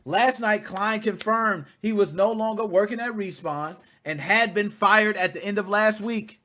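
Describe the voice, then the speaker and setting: A man in his thirties hosting a casual video game podcast, talking freely with swearing and sudden loud outbursts between quieter asides. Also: sits high, unhurried. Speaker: podcast host.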